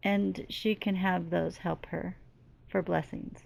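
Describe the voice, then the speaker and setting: Slow, creaky, and darkish, this middle-aged medium speaks at a lowish pitch with fairly even intonation. Her channeling is earnest and emphatic, and she repeats a lot.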